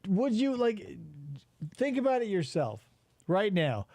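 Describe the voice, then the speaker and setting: A man hosting a comedy podcast, reacting to old TV ads with animated joking and swearing. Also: high-pitched, measured pace, no echo. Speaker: podcast host. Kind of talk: casual comedic commentary.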